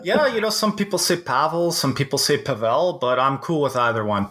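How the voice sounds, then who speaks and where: A man's voice: mid-range voice, big pitch swings, brisk, fairly bright tone. A man from Canada, a company founder, speaking as a podcast guest in an easygoing way with some restarts. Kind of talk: casual podcast interview.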